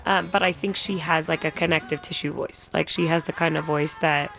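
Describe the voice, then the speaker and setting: A woman's voice: deep voice, fairly even intonation, fairly quick, vocal fry, a bit bright. A woman co-hosting a radio music show, thoughtfully searching for words as she talks about singers and songs.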